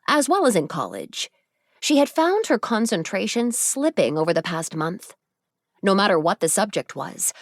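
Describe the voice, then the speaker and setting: Narrating an audiobook, this woman keeps an even, measured storyteller's pace in a lowish voice. There's no room sound, just a clean studio recording.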